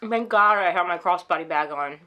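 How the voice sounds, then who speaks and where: A woman vlogging at home, shaken and upset, telling a story in a rushed, animated way and acting out the people in it. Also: on the low side, dull audio. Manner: animated, rushed retelling with quoted voices. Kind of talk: casual storytelling vlog. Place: at home indoors.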